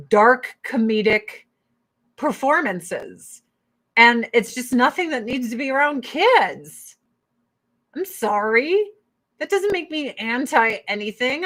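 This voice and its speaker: A woman's voice: on the high side, fairly bright tone, rough recording. A woman ranting casually on a livestream, swearing freely, laughing and reading viewer comments. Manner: profane, fiery, laughs often. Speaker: streamer.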